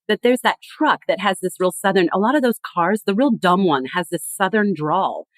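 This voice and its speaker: A woman guest on a podcast, explaining with animated emphasis in a conversational tone. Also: medium pitch, moderate pace, dry recording. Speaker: guest expert.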